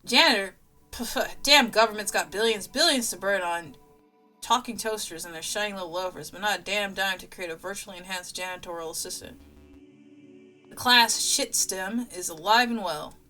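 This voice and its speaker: A woman's voice: mid-range voice, moderate pace, pushed and bright, soft background music, lightly acted, rough recording. A woman voicing a bitter janitor who grumbles through a sarcastic rant.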